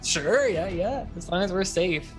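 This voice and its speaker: Excitable player, voice bounces all over, faint music behind. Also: medium pitch. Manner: excitable, quick reactions. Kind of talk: casual tabletop play.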